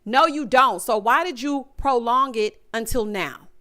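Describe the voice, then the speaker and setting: A recap vlogger delivers emphatic, sassy commentary on a reality dating show, addressing the cast directly. Her voice is a little high and a little slow with a sharp edge, and she acts out their quotes in shifting voices.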